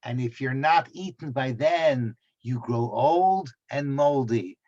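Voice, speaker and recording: A man voicing a young woman classmate in a put-on Irish accent, spoken low and subdued. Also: lively intonation, takes it slowly, a little mellow, lo-fi sound. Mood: wry.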